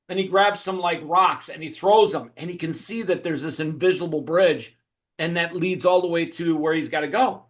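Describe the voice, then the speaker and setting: A fired-up man with a fairly high voice preaches faith and fearlessness in a casual interview. He swears freely and slips into acted voices to drive his points home. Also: brisk. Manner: animated, preachy motivational talk with swearing. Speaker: host.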